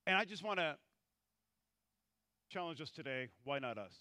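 Preaching an animated sermon at a moderate pace, a male pastor takes on the voices of the characters in the scripture stories he reads. His high voice sounds bright and forceful, captured close and dry with no echo.

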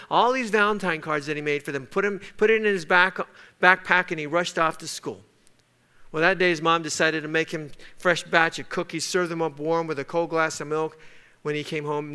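Man, pastor, sermon, very bright tone, slightly high pitch, emphatic preaching. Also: smooth. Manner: storytelling, rising to emphatic preaching.

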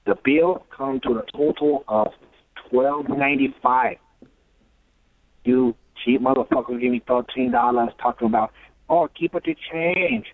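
A man's voice: mid-range voice, a little slow, dry recording, close to an everyday voice. A man on a phone call voicing a profane, rambling male food delivery driver in a mock foreign accent. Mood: indignant. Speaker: caller. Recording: tinny phone line.

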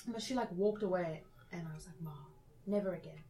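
A woman's voice: lowish voice, a little fast, crowd noise, low-quality recording. A young woman chatting casually, telling a funny story and quoting people. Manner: chatty storytelling with quoted voices. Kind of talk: casual chat.

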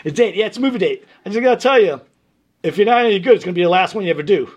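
A man putting on a gruff Brooklyn contractor. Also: high-pitched, lively intonation, rapid-fire, muffled recording, voice pushed up. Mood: gruff joking. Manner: blunt, threatening in jest.

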